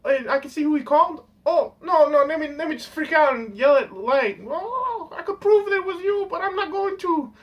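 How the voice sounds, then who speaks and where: Whiny freaked out young detective guy, squeaky and over the top, some dude mocking him. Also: fast, distant mic, highs cut off.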